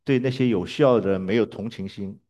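A man's voice: on the low side, fast talker, dark tone. A man interpreting a sermon live, hesitating with fillers and restarts.

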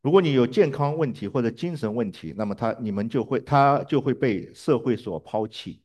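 A man's voice: medium pitch, animated, brisk, a little mellow. Hesitant male sermon interpreter. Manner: hesitant, with fillers and restarts.

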